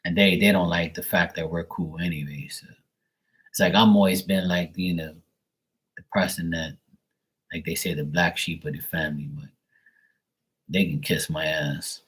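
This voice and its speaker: A man's voice: low voice, fairly even intonation, normal speed, long pauses, a bit bright, husky, low-quality recording. A man talking casually and bluntly, venting with plenty of swearing. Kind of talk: casual chat.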